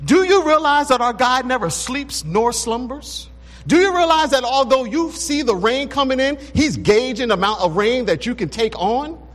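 High-voiced man preaching in a reverberant church. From Texas. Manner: emphatic preaching with rhetorical questions. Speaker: pastor. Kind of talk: sermon. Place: church sanctuary.

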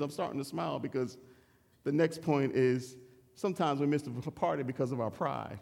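A man preaching a sermon in a church, animated and humorous, chuckling through personal stories. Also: mid-range voice, normal speed, vocal fry, big-room sound.

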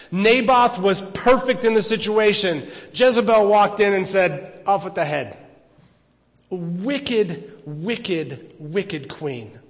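Chatty high-voiced preacher in church. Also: male voice. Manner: conversational storytelling, frequent restarts. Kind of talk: casual sermon. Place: church sanctuary. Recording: long church reverb.

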